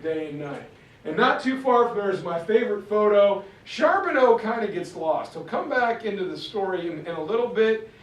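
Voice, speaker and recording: Animated man lecturing in a roomy hall. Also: high-pitched, distant mic. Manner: acts out characters in quick voices, casual slang. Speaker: speaker giving a history talk.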